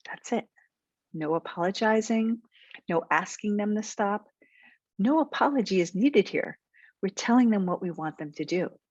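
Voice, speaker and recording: A woman's voice: mid-range voice, expressive, normal speed, slightly rough, no echo. An assertive, encouraging woman coach speaks straight to her viewers and lays out plain examples. Her voice sits in a middle range. It comes across dry and close, with a slightly dull, muffled tone. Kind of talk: direct-to-camera tip video.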